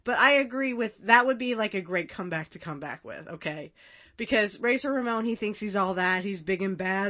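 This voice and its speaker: Chatty woman with a bright voice. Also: medium pitch, moderate pace. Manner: chatty, laughs often, many fillers. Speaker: podcast host. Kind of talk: casual commentary.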